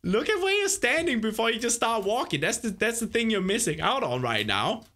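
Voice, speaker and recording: A young man on a headset coaches a player through a game, patient one moment and whooping the next. His voice is bright and very lively in pitch. He laughs often between his tips. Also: fairly quick. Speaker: gaming host. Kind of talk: gaming commentary, coaching a player.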